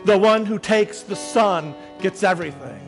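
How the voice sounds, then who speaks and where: A man's voice: high-pitched, animated, normal speed, creaky, soft background music. A man voicing a formal, persistent auctioneer who keeps pressing for bids. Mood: insistent.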